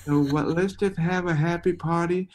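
A man's voice: on the high side, steady tone, moderate pace, a little mellow, slight background noise. A man with a mixed British and Scottish accent on a casual group video call, playful and rambling.

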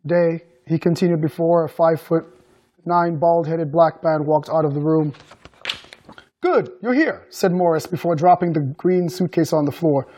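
A male author reading aloud from his novel with measured storytelling. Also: on the high side, little pitch movement, warm tone. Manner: measured storytelling with acted dialogue.

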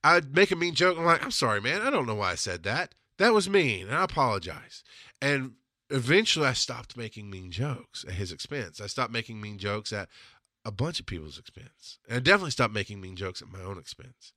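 A man's voice: medium pitch, fairly quick, no echo. Blunt, profane man hosting a podcast. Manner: blunt, profane, rambling with restarts and self-interruptions; animated, laughs at own jokes. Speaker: podcast host. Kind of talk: casual podcast monologue.

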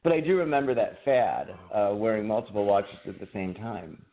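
A man's voice: lowish voice, lively intonation, normal speed, creaky. A man co-hosting a podcast, telling rambling, profane stories in casual chat. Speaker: podcast co-host. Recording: tinny phone-like audio with faint noise.

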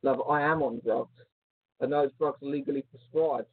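A man's voice: medium pitch, moderate pace, a little hiss or hum. Teasing man on a tinny lo-fi line. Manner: teasing, joking, animated. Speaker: podcast co-host. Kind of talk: casual banter. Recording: phone-like lo-fi line.

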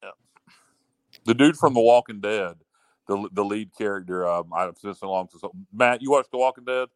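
A man's voice: lowish voice, moderate pace, clean tone, dry recording. A man hosting a casual sports talk show, boastful and rambling, often repeating himself.

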